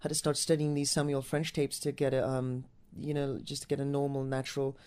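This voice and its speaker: Stage actor from Newcastle, English man with a mixed American-Northern English accent, speaks quickly with little pitch movement. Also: flat delivery, a little mellow, clear, resonant tone. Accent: mix of American and Northern English. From Newcastle, England. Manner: rambling, many restarts and fillers. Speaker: musical theatre actor and singer. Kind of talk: interview answers.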